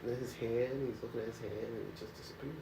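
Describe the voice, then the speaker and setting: A man co-hosting a casual couch chat, animated and laughing, often acting out what people said. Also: mid-range voice, fast talker, noisy background. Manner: animated, laughing, acts out quotes in voices. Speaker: co-host. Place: living room couch. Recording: echoey room, mic at a distance.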